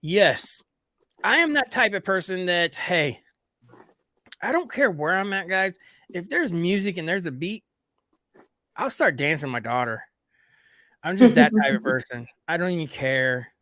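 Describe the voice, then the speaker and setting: A man with a bright, forward voice, pitched a little high, hosts a loose hangout stream. He rambles along and keeps turning to his viewers as "guys". The sound is dry and close, with no room around it. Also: expressive, unhurried, pauses often, no room sound. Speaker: livestream host. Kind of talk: casual group chat.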